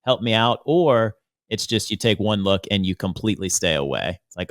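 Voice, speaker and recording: Low-voiced easygoing podcast producer. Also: male voice, animated, moderate pace, hardly any pauses, dry recording, clean studio sound. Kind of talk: casual chat.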